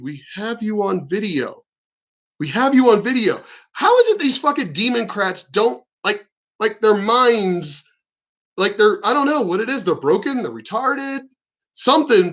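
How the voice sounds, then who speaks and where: A man holds forth on his vlog in a loud, profane, rambling rant. His voice sits high for a man. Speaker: channel host.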